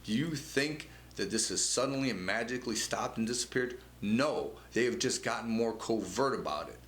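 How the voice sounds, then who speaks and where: A man's voice: medium pitch, lively intonation, moderate pace, a bit bright. A man hosting a political commentary show, talking conversationally with frequent stammered restarts and repeated words. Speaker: show host. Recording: echoey room with faint noise.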